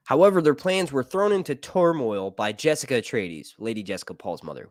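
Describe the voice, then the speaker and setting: A man talks through a film review in a loose, swearing, jokey way, his pitch jumping up and down as he goes. He drifts into tangents and reads passages aloud between them. The sound is close and dry, with no room around it. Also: no room sound. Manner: profane, rambling, jokey asides. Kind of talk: casual movie commentary, reading aloud.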